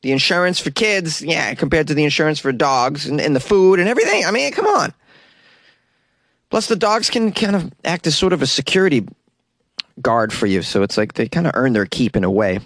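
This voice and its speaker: A man's voice: on the high side, very animated, fairly quick, a bit bright, no room sound. Young boston dude doing his podcast from a closet studio, jokey, laughs a lot, dry close sound. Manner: joking, self-deprecating, laughs a lot. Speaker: podcast host. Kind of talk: casual solo podcast chat. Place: small closet home studio.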